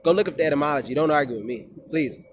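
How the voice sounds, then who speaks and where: A man with a high-pitched voice lectures his viewers straight to camera. He talks in a preachy, emphatic way and mixes in plenty of street slang. He speaks casually and forcefully, like a wellness coach making his case. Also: very fast, slight background noise. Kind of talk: informal monologue to viewers.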